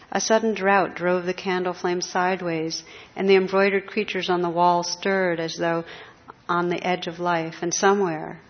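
A woman narrating an old legend in a measured, expressive storybook reading. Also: lowish voice. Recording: slightly dull lo-fi recording.

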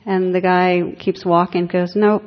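A woman meditation teacher giving a gentle, reflective dharma talk with light humor to an audience. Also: on the low side, flat delivery, a little slow. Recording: dull echoey hall.

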